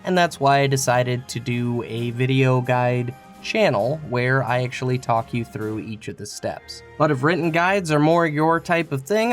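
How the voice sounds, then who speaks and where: A man narrating a scripted game tutorial, explaining in a casual, friendly way. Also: medium pitch. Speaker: game guide creator.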